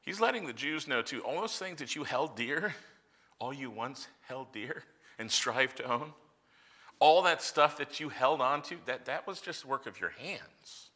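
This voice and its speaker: A male pastor preaches with a bright, forceful and sharply cutting voice. His pitch leaps up and down in a lively way as he swings from casual asides to loud emphatic lines. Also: unhurried. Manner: animated, conversational preaching with sudden loud emphasis. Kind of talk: sermon.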